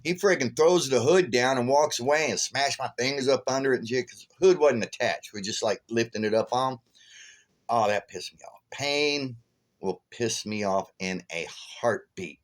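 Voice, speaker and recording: A man vlogging casually, telling a rambling, profane story and flaring up loudly when he retells his anger. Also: mid-range voice, moderate pace.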